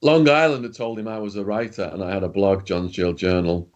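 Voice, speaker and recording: A British man with a lowish voice, talking as a guest in an interview. He tells his stories casually and bluntly, dropping slang and swear words as he goes. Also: fairly even intonation, brisk, highs cut off. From Britain.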